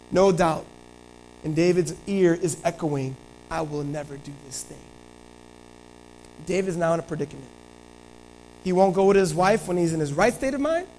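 High-voiced animated male preacher. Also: creaky, a little hiss or hum, poor audio. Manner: animated storytelling, shifting between loud and quiet. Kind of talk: sermon.

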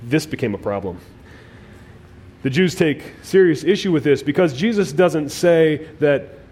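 A male pastor preaching a sermon, emphatic, with swings between loud and quiet phrases and frequent restarts. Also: a little high, lively intonation, a little slow, slightly rough. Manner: repeats words as he restarts phrases.

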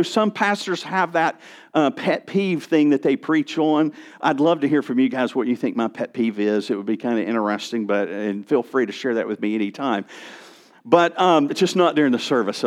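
A pastor delivers a sermon in a slightly high voice at a moderate pace. His preaching is expressive and strongly emphatic, rising and falling, and he restarts now and then.

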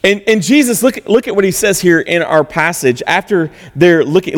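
A man with a somewhat high voice preaches a conversational sermon, animated and a touch sarcastic. His voice carries a long reverb, as in a large church sanctuary. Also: normal speed. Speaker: pastor.

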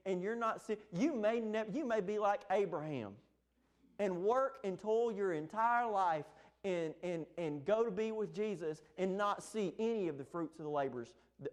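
A man preaching a sermon as pastor, emphatic, with sharp rises and drops in his voice. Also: on the high side. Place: church sanctuary.

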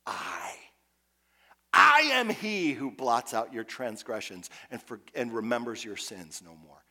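A man preaching a sermon as pastor, impassioned, swinging from hushed, quiet passages to loud, urgent ones. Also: medium pitch, sing-song, measured pace.

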